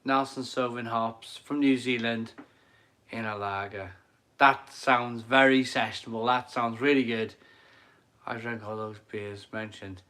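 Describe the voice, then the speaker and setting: Reading viewer comments on his live stream, a middle-aged man in his home kitchen rambles enthusiastically and repeats his phrases. He speaks unhurriedly in a steady, medium-pitched voice with a sharp tone.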